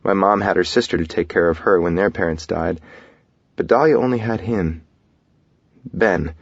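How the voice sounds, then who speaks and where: A man narrating a first-person romance audiobook in a soft, intimate, reflective way. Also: sits low, normal speed, no echo, highs cut off.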